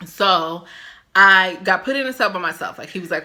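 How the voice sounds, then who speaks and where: A woman vlogger telling a storytime about a stay in jail, animated and acting out the voices of the people she quotes. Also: fairly low pitch, normal speed. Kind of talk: storytime vlog.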